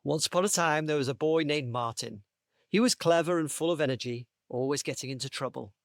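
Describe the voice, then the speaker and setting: Man, podcast panelist, playful story reading, higher voice, dry close mic. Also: brisk, no echo. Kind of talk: reading a comic story aloud.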